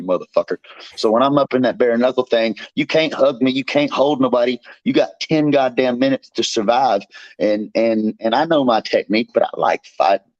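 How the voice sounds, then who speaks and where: A man's voice: mid-range voice, a little mellow, no echo. Swearing, fired-up fighter man. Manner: boastful, fired up, swears constantly. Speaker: bare knuckle fighter guest. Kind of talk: brash profane trash talk. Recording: slightly dull dry recording.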